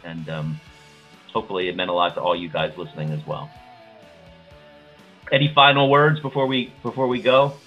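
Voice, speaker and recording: Low-voiced man hosting a podcast chat. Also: normal speed, pauses often, faint music behind. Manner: enthusiastic, rambling with restarts. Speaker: podcast host. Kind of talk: casual chat. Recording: dull lo-fi sound.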